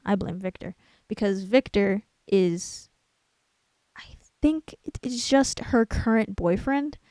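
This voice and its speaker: A young woman talks through a film in a loose, rambling way. She breaks off to hunt for the right word and pokes fun at herself. The sound is dry and close, with her voice sitting at a middle pitch. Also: a little mellow, no echo. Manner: rambling, self-deprecating, searching for words aloud. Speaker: channel host. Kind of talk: casual film commentary.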